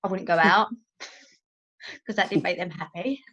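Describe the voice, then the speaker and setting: A woman's voice: lowish voice, unhurried, fairly bright tone. A woman co-hosting a podcast in casual chat, speaking earnestly and openly, with many fillers. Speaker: podcast co-host. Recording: dull lo-fi sound.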